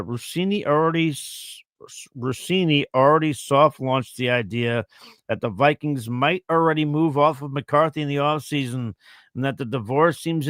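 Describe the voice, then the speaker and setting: A man's voice: medium pitch, fairly bright tone, clean tone, no echo, clean studio sound. A man co-hosting a casual fantasy football show, reading viewer questions aloud and thinking through answers with easy fillers.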